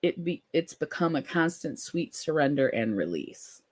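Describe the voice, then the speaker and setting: In a relaxed chat, a live-stream host reads comments from viewers and responds kindly and supportively. The mid-range voice swings widely in pitch at a moderate pace, and there are frequent ums and restarts.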